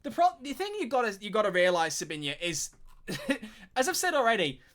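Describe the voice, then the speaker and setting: A man streaming live, talking in casual commentary with animated, rambling energy and frequent swearing. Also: high-pitched, fairly quick.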